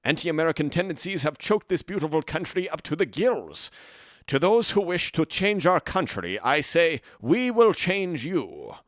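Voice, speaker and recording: A man's voice: on the high side, big pitch swings, moderate pace, dry recording, studio quality, pitched above the performer's own voice. A man voicing a pompous middle-aged male scientist giving a grand speech.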